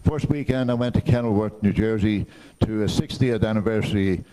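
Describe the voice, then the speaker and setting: A man giving rambling, halting remarks with many restarts and fillers at a club meeting. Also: on the low side, mellow, slight background noise. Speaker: club member sharing travel news.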